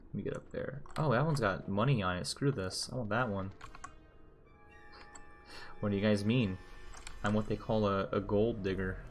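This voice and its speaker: Low-voiced rambling young male streamer. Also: normal speed, pauses often, faint music behind. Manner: rambling, joking, swears freely. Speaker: game streamer. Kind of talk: casual gameplay commentary.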